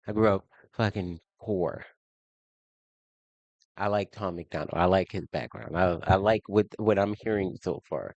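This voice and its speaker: A man from Baltimore giving heated, profane reaction commentary, incredulous and quick to laugh, in his basement on a faulty home mic. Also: sits low, a little mellow, no room sound, highs cut off. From Baltimore, USA. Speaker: reaction video host.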